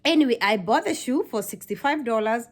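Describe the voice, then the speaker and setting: A young woman from Kenya recounts a personal story to her camera, casual and animated. Her voice sits a little high, and she leans on repeated phrases to drive her points home. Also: a little fast. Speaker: vlogger.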